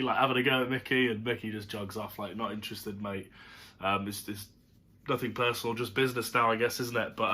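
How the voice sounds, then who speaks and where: Talking to a camera setup, a man rambles through his review of a football match, packed with fillers and side comments. His lowish voice sounds pushed and bright.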